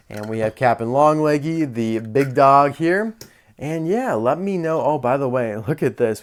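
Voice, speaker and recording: A man's voice: mid-range voice, a little mellow, clear, resonant tone. A young man casually reviewing die-cast toys, chatty and openly annoyed by poor quality. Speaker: toy reviewer. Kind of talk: casual toy review vlog.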